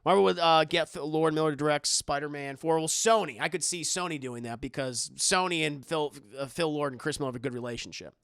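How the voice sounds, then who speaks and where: A man's voice: on the high side, a little fast, few pauses, a bit bright, clean tone, no echo, studio quality. A young adult man on a live stream, chatting casually and reacting to viewers' comments in a rambling way, often restarting his sentences.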